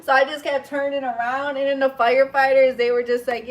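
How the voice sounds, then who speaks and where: A woman braider chatting casually while she does hair, telling animated stories and laughing often. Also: sits high, brisk. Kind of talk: casual chat while doing hair on a livestream.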